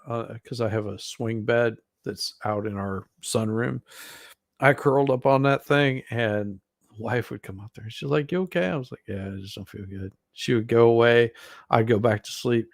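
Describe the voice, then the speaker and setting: A man chatting casually on a stream, relaxed and drawling, quick to laugh. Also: medium pitch, creaky, dry recording, studio quality. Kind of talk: casual chat.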